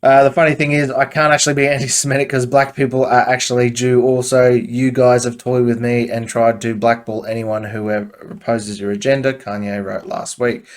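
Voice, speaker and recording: An Australian man talking through a casual commentary podcast. He is blunt and offhand, swears freely and leans on fillers as he goes. His voice sits at an ordinary mid pitch. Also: level tone, brisk, few pauses. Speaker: podcast host.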